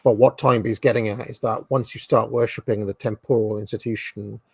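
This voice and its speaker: A man's voice: lowish voice, steady tone, a little fast, gravelly, husky, dry recording. A man hosting a livestream podcast, chatting in a rambling way with many restarts. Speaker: podcast host. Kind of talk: casual livestream chat.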